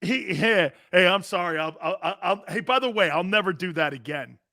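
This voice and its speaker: A man's voice: sits high, no echo, clean studio sound. A middle-aged man hosting a sports talk show, brash and opinionated. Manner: brash and animated, quick to laugh.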